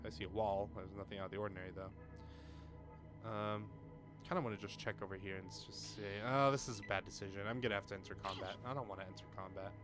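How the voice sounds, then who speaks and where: A young man giving casual let's-play commentary, swearing often and swinging between muttering and excited outbursts. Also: lowish voice.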